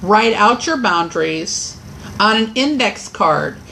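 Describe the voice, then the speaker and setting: A middle-aged woman gives a personal faith-based lesson in a candid, encouraging voice. She sits at a mid-range pitch with a reflective, warm-hearted openness. A faint hiss of noise sits under her voice. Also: expressive, slow, creaky, poor audio. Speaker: Christian weight-loss course teacher.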